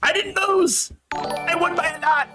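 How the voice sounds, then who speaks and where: A man's voice: very high voice, a little slow, over music, pitched above the performer's own voice. A man putting on a mocking impression of a whiny older male politician who insists he won. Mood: whining. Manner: mocking, whining.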